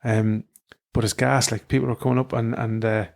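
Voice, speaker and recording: An Irish man co-hosting a podcast, rambling through stories in relaxed casual chat. His voice has a marked gravelly fry. It sits at an ordinary middle pitch. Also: moderate pace. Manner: rambling, full of fillers and restarts. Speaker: podcast co-host.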